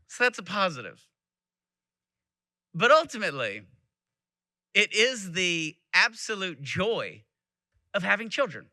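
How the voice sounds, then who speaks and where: A man's voice: high voice, very animated, unhurried, long pauses, bright, forceful tone, dry recording. A man in his thirties from Texas giving a keynote speech, telling family stories and acting out quotes. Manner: storytelling with acted-out quotes. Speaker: keynote speaker. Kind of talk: speech to a live audience.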